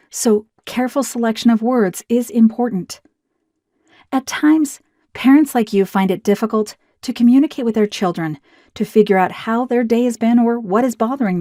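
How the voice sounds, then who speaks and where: A woman reading a scripted promotional narration in a smooth, even, persuasive way. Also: fairly high pitch, no echo, clean studio sound.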